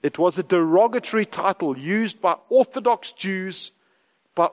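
A man preaching a sermon as pastor, emphatic and repeating words, rising in pitch for stress. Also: animated, moderate pace, in a large hall.

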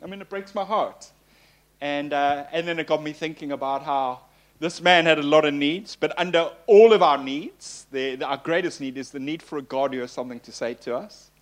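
A man preaching as a pastor in a relaxed, conversational way, with a voice that sits a little high. He tells personal stories with self-deprecating humor and fills his pauses with plenty of ums and uhs. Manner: chatty and self-deprecating, with frequent fillers.

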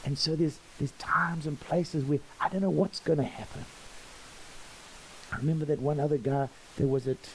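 A man, a pastor preaching a sermon and acting out the dialogue of his stories with lively energy. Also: mid-range voice, a little hiss or hum, rough recording. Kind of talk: storytelling sermon.

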